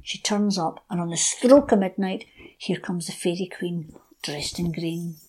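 Expressive woman storyteller. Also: lowish voice, a little slow, husky. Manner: expressive, shifting between hushed and lively. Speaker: storyteller guest. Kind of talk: oral folk storytelling.

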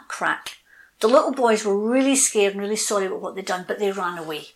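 A woman's voice: mid-range voice, a little fast, low-quality recording. A woman telling a children's folk tale, doing voices for the characters. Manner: lively storytelling with character voices. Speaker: storyteller guest.

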